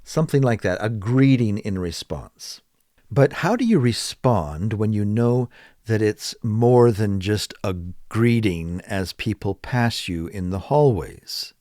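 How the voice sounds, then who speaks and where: A man teaching English. He talks slowly and deliberately, repeats phrases for learners and acts out sample answers. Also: lowish voice, lively intonation, warm tone, no echo, clean studio sound.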